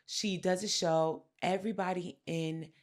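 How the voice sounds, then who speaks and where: A woman co-hosting a podcast, telling pop culture stories in a casual, animated way and acting out the quotes. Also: fairly low pitch, measured pace. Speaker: podcast co-host. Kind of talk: casual chat.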